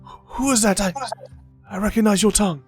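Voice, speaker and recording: A man's voice: high voice, darkish tone, husky, faint music behind, pitched above the performer's own voice. A man putting on a frail, quavering old man. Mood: frightened. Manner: halting, stammering. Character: frail, frightened old man, escaped slave.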